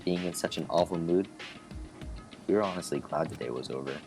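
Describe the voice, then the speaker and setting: Very deep-voiced man reading game dialogue. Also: a little fast. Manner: voices every character himself, chatty asides. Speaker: let's play gamer reading dialogue aloud. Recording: game music behind the voice. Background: game music.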